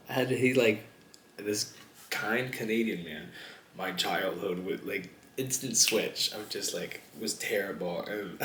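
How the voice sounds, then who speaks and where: Young man, mukbang vlogger, rambling, giggly, lowish voice, echoey room, faint background noise. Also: fairly bright tone. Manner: rambling, giggly, lots of fillers and laughs. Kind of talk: casual chat while eating on camera.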